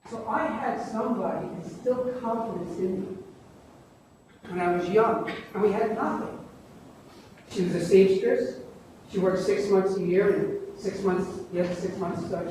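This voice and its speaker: An older man, telling a class a folksy, animated story about his own fears. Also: sits high. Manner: animated, folksy, self-mocking. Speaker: guest lecturer. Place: large lecture hall. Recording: echoey lecture hall from far off, faint noise.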